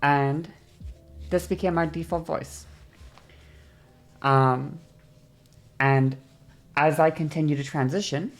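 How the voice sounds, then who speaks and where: Low, gravelly-voiced woman streamer explaining. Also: fairly even intonation, takes it slowly, pauses often, faint music behind. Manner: demonstrates by sliding her voice up and down; rambling, self-correcting, laughs often. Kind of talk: casual livestream explainer.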